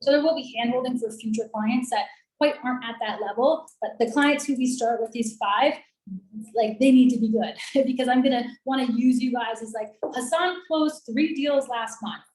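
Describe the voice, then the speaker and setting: A woman's voice: on the high side, fairly even intonation, fairly quick, darkish tone. Chatty, upbeat woman in an echoey room. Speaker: lead generation and call center business owner. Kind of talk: casual sales pitch on a coaching call. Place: in Colombia.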